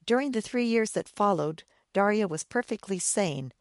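A woman narrating a dark old story in a steady, measured reading voice. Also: medium pitch, no room sound, clean studio sound. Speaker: audiobook narrator.

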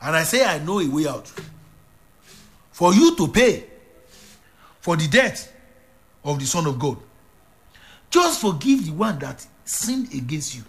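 A man preaching a sermon, emphatic and repetitive, swinging from loud declarations to hushed lines. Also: a little high, very animated, measured pace, long pauses.

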